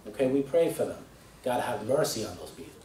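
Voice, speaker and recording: A man, a deacon, delivering a sermon in a conversational way. He often checks in with the listeners and grows loud when he reads scripture aloud. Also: mid-range voice, big pitch swings, a little fast, slight background noise. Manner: conversational, asks "right?" and "okay?", rises loud when reading scripture. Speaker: deacon preaching. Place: church hall. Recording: echoey room, voice from a distance, faint ambience.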